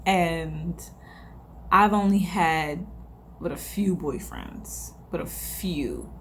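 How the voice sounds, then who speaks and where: A woman's voice: fairly low pitch, very slow, fairly bright tone, a little hiss or hum. A young woman, chatting candidly to her vlog audience, rambling and repeating herself, with sighs along the way. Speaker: vlogger. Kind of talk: casual confessional chat to camera.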